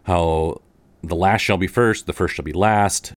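A man's voice: deep voice, steady tone, a little slow, no room sound. A man co-hosting a podcast in casual, rambling chat, putting on voices for quotes. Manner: rambling, many fillers, puts on voices for quotes. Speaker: podcast co-host.

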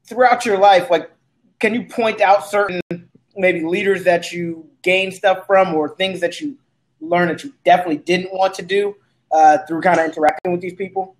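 A man's voice: high voice, fairly even intonation, normal speed, poor audio. A man hosting an interview, asking long, friendly, winding questions. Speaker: interview host. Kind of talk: casual interview.

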